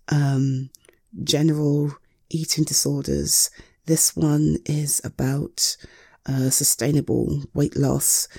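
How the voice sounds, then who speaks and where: A young woman in a one-sided audio role-play as a caring partner, gentle and soothing with hesitant pauses, close to the mic. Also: deep voice, creaky, slightly rough, dry recording.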